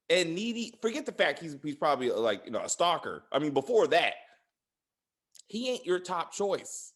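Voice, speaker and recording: A man's voice: a little high, sing-song, normal speed, a bit bright. A man hosting a casual spoiler review of a TV series, ranting with exasperated, profane commentary. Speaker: podcast host reviewing a TV series.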